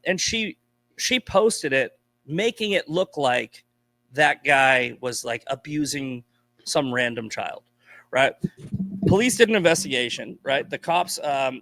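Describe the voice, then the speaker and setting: A man's voice: mid-range voice, a bit bright, dry recording. A man from Boston, a podcast guest, telling stories in blunt, profane casual chat. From Boston, USA.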